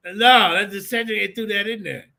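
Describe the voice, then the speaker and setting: A man hosting a heated online debate show, talking like a preacher and addressing "ladies and gentlemen". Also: sits high, moderate pace, creaky, over a noisy crowd. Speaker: show host.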